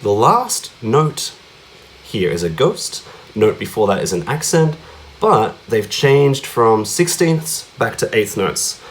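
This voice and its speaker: A man's voice: mid-range voice, big pitch swings, slow pace, a little hiss or hum. A man teaching cajon rhythms in a casual lesson, often checking in with questions like "yeah?" and "right?". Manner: chatty, asks many tag questions like yeah and right; counts out beats and vocalizes drum sounds.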